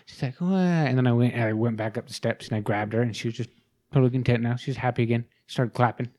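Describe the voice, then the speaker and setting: A young man on a podcast, talking loosely and swearing freely. His pitch sits in an ordinary middle range. He rambles from one story to the next in a relaxed, everyday way. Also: fast. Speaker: podcast guest. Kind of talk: casual podcast chat.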